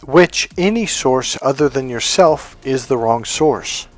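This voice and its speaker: A man's voice: medium pitch, expressive, slow, faint music behind. A man giving relationship coaching advice in a blunt, emphatic monologue, acting out the voices he quotes.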